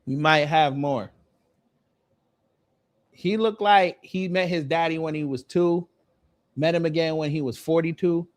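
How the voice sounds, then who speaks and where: Dude roasting some guy on his channel, slangy and mocking, kinda high voice. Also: measured pace, pauses often. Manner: mocking, slangy, deadpan jokes. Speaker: host. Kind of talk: roasting commentary.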